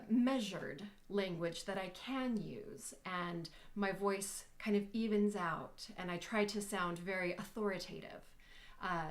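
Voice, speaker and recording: A young adult woman, a communication coach, chatting on a live stream, laughing easily and thinking out loud. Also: medium pitch. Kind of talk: casual live-stream chat.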